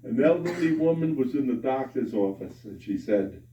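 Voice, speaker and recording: A man telling jokes to a live audience with a slow, deliberate delivery. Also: mid-range voice. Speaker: joke teller. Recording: echoey room from far off, dull sound.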